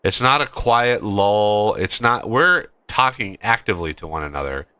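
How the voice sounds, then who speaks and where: A man's voice: fairly low pitch, animated, normal speed, pushed and bright, clean tone, no room sound. A man hosting a gaming channel, chatting casually while he plays and telling a rambling story full of restarts. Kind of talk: casual chat while playing a game.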